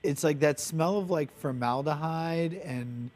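A man's voice: a little high, a little slow, a little mellow. A man, a baker, chatting as an interview guest, eager and full of "like" and "you know.". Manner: eager, filler-heavy, lots of "like" and "you know". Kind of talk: casual interview chat.

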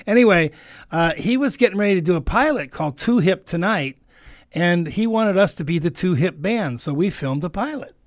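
A man's voice: sits high, expressive, normal speed, no room sound. A man who is a musician, telling playful stories as a guest on a radio talk show in a studio. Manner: playful storyteller. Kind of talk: casual radio banter. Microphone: studio mic.

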